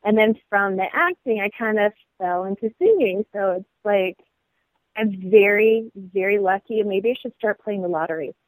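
A woman actress and model chatting as an interview guest, bubbly and quick to laugh. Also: medium pitch, lively intonation, no room sound, low-quality recording. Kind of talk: casual interview chat.

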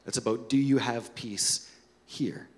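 A man preaching a sermon, telling stories and dropping soft and quiet for the key points. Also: mid-range voice, a little slow, in a large hall. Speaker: pastor.

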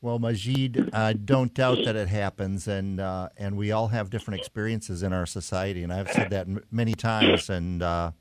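Low-voiced man hosting call-in radio. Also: smooth, no echo. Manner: relaxed, halting with fillers. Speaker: radio talk show host. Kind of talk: live call-in radio talk. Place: radio studio.

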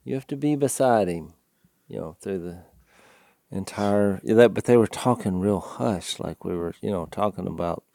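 A man's voice: fairly low pitch, normal speed, creaky, no echo, studio quality. A man in his fifties with a Southern twang, telling a long story in casual podcast chat and acting out other people's lines in a raised voice. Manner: animated, acts out other people's lines with a raised voice, laughs often. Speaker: podcast co-host.

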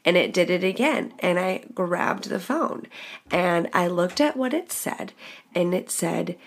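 Young female podcast host, casual confessional storyteller, lower-pitched voice, frank and expressive. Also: a little slow, gravelly. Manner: candid, expressive, swears freely.

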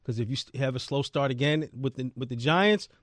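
A radio producer, a man, talks fast and bluntly about his doubts. His voice is dry and close on the mic. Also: mid-range voice, dry recording. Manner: blunt, skeptical.

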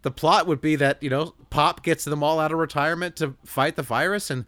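A man's voice: on the high side, fairly even intonation, fairly quick, fairly bright tone, dry recording. A man hosting a casual sports podcast, joking and riffing, laughing often. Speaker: podcast host.

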